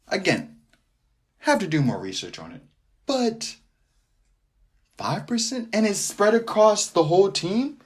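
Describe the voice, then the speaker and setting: A man hosting a casual sports podcast, joking around, repeating his phrases and sliding into a sing-song delivery. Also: high-pitched. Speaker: podcast host.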